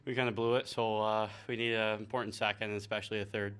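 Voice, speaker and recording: Young guy hockey player, low flat voice, lots of ums, clear and bright. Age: young adult. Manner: halting, many fillers. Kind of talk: post-game interview.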